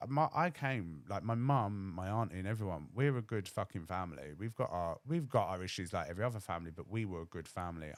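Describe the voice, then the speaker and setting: A man's voice: sits low, no echo, clean studio sound. A young man, telling a candid personal story on his podcast and acting out other people's voices. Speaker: podcast host.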